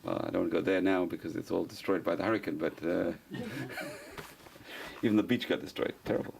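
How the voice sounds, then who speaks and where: Man, rabbi, gravelly voice, quick informal lecture, repeats key phrases, poses and answers questions. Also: low voice, fairly even intonation, darkish tone, a little hiss or hum. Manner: conversational, repeats phrases for emphasis, asks and answers his own questions. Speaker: rabbi teaching a class.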